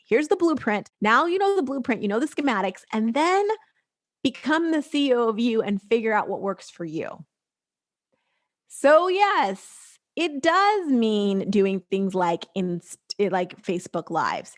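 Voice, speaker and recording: A woman hosting a solo podcast, coaching listeners with blunt, energetic tough love and acting out the excuses she hears. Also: a little high, no echo, studio quality. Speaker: podcast host and social media coach. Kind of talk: solo podcast pep talk.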